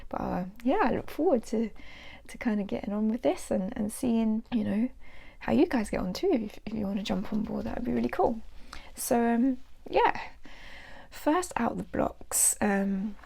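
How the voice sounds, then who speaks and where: A woman's voice: on the high side, animated, normal speed, vocal fry, mellow, husky. A young adult woman hosting a casual tarot vlog. She sounds nasal from hay fever and chats in a rambling way with lots of fillers. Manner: rambling, chatty, many fillers. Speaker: tarot channel host.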